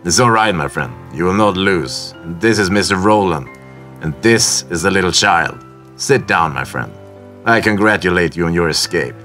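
A brisk, courteous official gets straight to business, voiced by a male reader. His low voice has a bright edge, and faint music sits underneath. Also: expressive.

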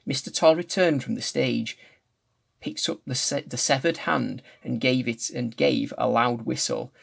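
A man's voice: medium pitch, steady tone, unhurried, creaky. A man reading a novel aloud chapter by chapter, now and then stumbling and restarting a line. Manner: restarts and corrects slips while reading. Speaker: reader.

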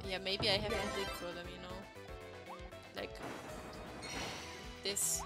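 A woman's voice: medium pitch, flat delivery, takes it slowly. A woman streaming a video game, chatting casually to her viewers. She swears freely, laughs often and trips over her words. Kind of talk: casual gameplay commentary. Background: loud game music.

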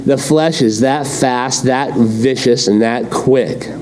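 A male pastor preaching a sermon, telling a story in an animated way and acting out the quotes. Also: mid-range voice, slow pace, background noise. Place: church.

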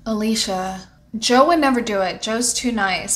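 A woman's voice: a little high, measured pace. A young woman giving casual commentary on her life-simulation game, chatting and bossing her characters around. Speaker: gaming channel host.

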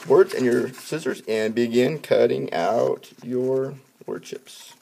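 A man teaching a spelling lesson to students, upbeat when addressing the class and dropping to quiet asides while he writes. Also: medium pitch, takes it slowly, creaky, hardly any pauses, a little hiss or hum. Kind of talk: classroom instruction video.

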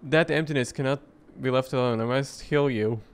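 A man reading a quiet, creepy doll shop owner. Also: medium pitch, normal speed, smooth, natural voice. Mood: calm. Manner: calm, quiet and unsettling. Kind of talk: reading game dialogue aloud.

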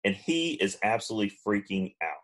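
A man, co-hosting a podcast and telling a long funny story, now and then mimicking friends in high voices. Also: very animated, a little fast. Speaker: podcast co-host. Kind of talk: casual storytelling.

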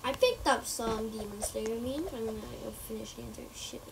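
A woman's voice: fairly high pitch, normal speed, creaky. A woman commenting casually on her own gameplay, talking to herself, swearing often and dropping into muttered whispers between outbursts. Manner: talks to herself, swears a lot, shrieks when startled, drops to muttered whispers. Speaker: gamer playing on stream. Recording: loud background noise.

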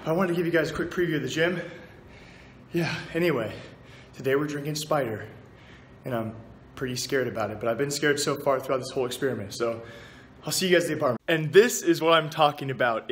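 Fast-talking upbeat young man vlogging. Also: fairly high pitch, a little hiss or hum. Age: young adult. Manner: upbeat, chatty, addresses viewers as guys. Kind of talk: casual vlog to camera. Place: at home, in a stairwell, at a gym.

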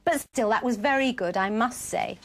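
On a children's programme, a woman with a voice on the high side speaks at a moderate pace. She addresses young viewers playfully and encouragingly, in a gentle, sing-song teacher style.

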